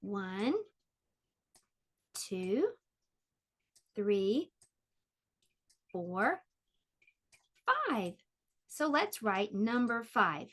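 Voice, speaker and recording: A woman teaching an online preschool lesson, speaking slowly in a sing-song way to small children. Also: medium pitch, sing-song, fairly bright tone. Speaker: pre-K teacher.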